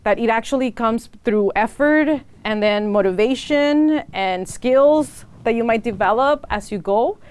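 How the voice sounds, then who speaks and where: A woman's voice: a little high, measured pace, few pauses, a little mellow, clean tone. A woman hosting an interview, speaking in a supportive, encouraging way. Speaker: host. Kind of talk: interview conversation.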